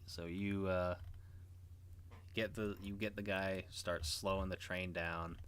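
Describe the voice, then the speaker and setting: A man's voice: deep voice, little pitch movement, slow pace, a bit bright, a little hiss or hum. A man narrating as game master in an online tabletop game, hesitant and full of restarts. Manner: hesitant, many restarts and fillers.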